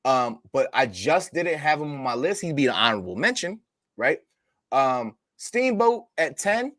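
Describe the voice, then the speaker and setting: A man co-hosting a wrestling podcast in casual chat, chiming in with quick, playful banter. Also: medium pitch, sing-song, fairly bright tone, dry recording. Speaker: podcast co-host.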